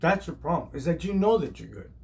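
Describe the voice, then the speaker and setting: A man retelling the words of a calm, blunt male chef instructor in a level, lecturing way that repeats its point. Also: a little high, fairly quick, vocal fry. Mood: stern lecture.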